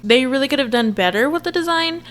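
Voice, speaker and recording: A woman in her twenties giving a chatty, expressive reaction commentary to her viewers. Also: high-pitched, fast talker. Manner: chatty and expressive, frequent laughs and asides to viewers. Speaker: reaction vlogger.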